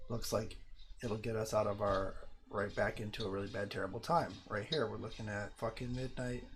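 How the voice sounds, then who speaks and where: A man's voice: medium pitch, slight background noise. A man streaming live, chatting casually and rambling with many ums, swearing often.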